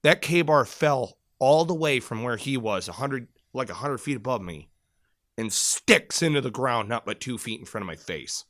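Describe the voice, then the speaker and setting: Bright, animated man telling a war story. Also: mid-range voice, normal speed, no echo, clean studio sound. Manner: animated, profane, rambling storyteller. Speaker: podcast co-host, former Marine. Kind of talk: casual storytelling chat.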